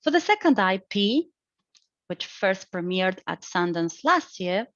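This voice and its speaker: A young adult woman student explaining her recorded exam answer, with slow, deliberate phrasing, hesitant restarts and grammar slips. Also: medium pitch, no room sound. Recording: dry, dull lo-fi home recording.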